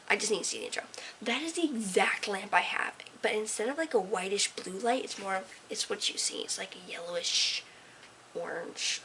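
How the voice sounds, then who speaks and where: A woman's voice: mid-range voice, a bit bright, a little hiss or hum, rough recording. A teenage girl vlogging casually in her room at night, rambling and sarcastic, dropping into whispers and then bursting with energy. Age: teens. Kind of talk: casual late-night talk to camera. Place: own room at night, lit by a desk lamp.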